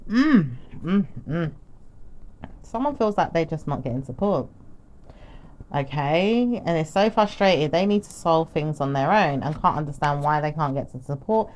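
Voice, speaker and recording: A woman's voice: deep voice, expressive, a little slow, darkish tone, a little hiss or hum. A woman delivers a solo tarot reading in a loose, rambling way. She slips into the first person to speak the messages she reads from the cards, then drifts back to addressing her listeners. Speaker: tarot reader.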